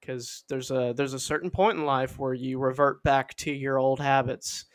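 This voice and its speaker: A man's voice: medium pitch, steady tone. A young man co-hosting a podcast in casual comedic chat, joking, laughing often and acting out little scenes. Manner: joking, acts out scenes with quick voices, laughs a lot. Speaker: podcast co-host.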